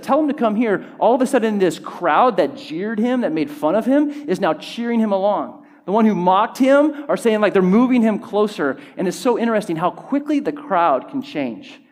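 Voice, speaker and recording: A male pastor preaching a sermon to a congregation, building intensity with repeated phrases. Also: high voice. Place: church hall with congregation.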